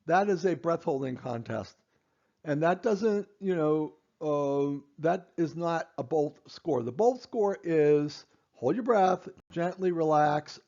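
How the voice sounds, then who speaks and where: This man, a clinician, walks patients through a breathing test in an instructional explanation full of fillers, restarts, and repeated emphasis on key points. His pitch sits fairly high, creaky yet warm, and the audio sounds dull.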